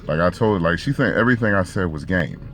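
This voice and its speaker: Man with a low voice, casual storytelling monologue, slangy and profane. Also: expressive, fast, a bit bright, faint music behind. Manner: laid-back slangy and profane, frequent restarts.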